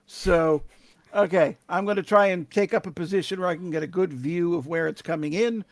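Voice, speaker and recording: A man's voice: high voice, a little fast, no room sound. A man playing a tabletop game, talking casually and hesitantly with many ums. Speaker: player.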